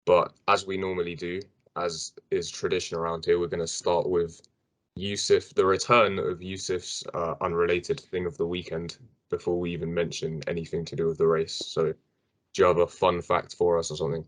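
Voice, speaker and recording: A man's voice: low-pitched, flat delivery, normal speed. A young man hosting a casual sports podcast, chatty and rambling, with fillers and restarts. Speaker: podcast host.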